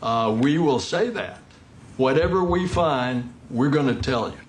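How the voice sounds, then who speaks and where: A man's voice: medium pitch, lively intonation, a little slow, a little hiss or hum. A man answering questions at a press briefing as a government official, with folksy, emphatic assurances.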